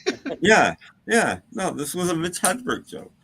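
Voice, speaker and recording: Guy telling a bar joke, voices jumping all over, bright tone. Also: high-pitched, very animated, normal speed, a little hiss or hum. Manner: joke-telling, acts out characters with big swings. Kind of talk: casual chat.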